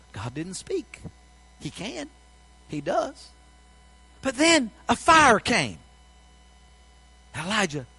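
High bright-voiced guy preaching, folksy storytelling, goes loud then real quiet. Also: slightly rough, low-quality recording. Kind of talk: sermon.

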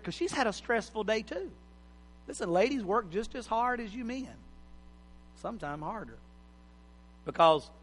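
A man's voice: high-pitched, fairly bright tone. A middle-aged man preaching a sermon in a folksy, joking, plain-spoken way. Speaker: pastor. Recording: hall reverb.

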